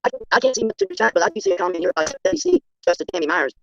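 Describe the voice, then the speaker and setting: A middle-aged or older speaker pours out words very fast in an emphatic, defensive manner, with a gravelly edge. The pitch swings widely. The stream audio is dry and muffled. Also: big pitch swings. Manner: emphatic, defensive, talks in rushes. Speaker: guest on a livestream. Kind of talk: casual livestream chat.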